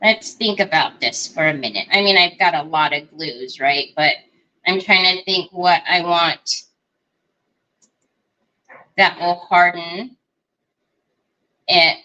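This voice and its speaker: Slow, chatty woman crafting live. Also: fairly low pitch, bright, forceful tone, highs cut off. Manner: chatty, thinks aloud, greets viewers by name. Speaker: craft livestream host.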